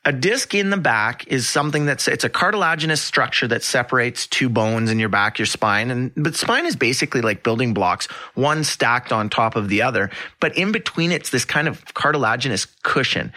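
A man hosting a health podcast, explaining an injury in casual terms and using simple everyday comparisons. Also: medium pitch. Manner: explains with homely comparisons, animated. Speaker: podcast host and health practitioner.

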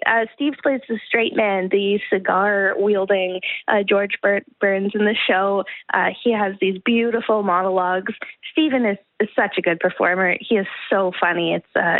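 A woman's voice: mid-range voice, no room sound. Upbeat woman on a tinny line. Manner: upbeat, friendly. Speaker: guest performer. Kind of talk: live radio interview.

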